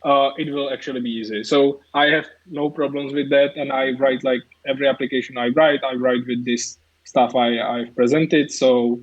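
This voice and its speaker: Czech guy on a muffled video call, lots of uh and like, mid pitch. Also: little pitch movement, moderate pace, hardly any pauses. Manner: hesitant, many fillers and restarts. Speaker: guest speaker. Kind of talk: live-streamed tech talk Q&A. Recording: dull lo-fi call audio.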